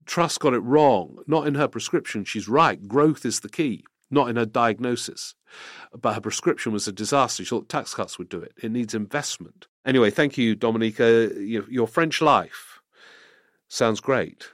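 A man's voice: mid-range voice, normal speed, dry recording, clean studio sound. A middle-aged man giving rambling political commentary, answering viewer questions with many restarts. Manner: rambling, restarts mid-sentence, animated when reading questions. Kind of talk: casual spoken commentary.

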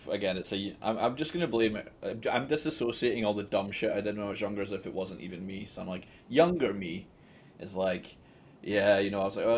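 Rambling, self-mocking Scottish man. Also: on the low side. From Scotland. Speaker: poker player guest. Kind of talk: casual storytelling interview. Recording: faint background noise.

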